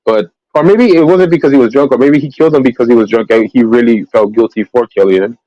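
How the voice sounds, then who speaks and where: A man's voice: mid-range voice, quick pace, dry recording, dull audio. A man hosting a casual livestream, chatting in a rambling way about true-crime cases with many fillers and restarts. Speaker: livestream host.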